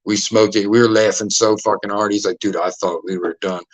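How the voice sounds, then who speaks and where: A man's voice: fairly low pitch, fairly even intonation, brisk, no room sound, low-quality recording. A man, a podcast host telling casual stories full of swearing and acting out other people's lines. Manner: profane, acts out quoted voices. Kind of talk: casual storytelling.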